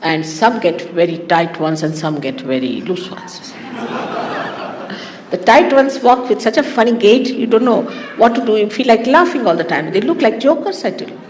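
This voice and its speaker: A woman giving a spiritual talk to her followers in an animated, teasing way, often laughing. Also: mid-range voice, normal speed, long reverb tail, a little hiss or hum. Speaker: spiritual teacher.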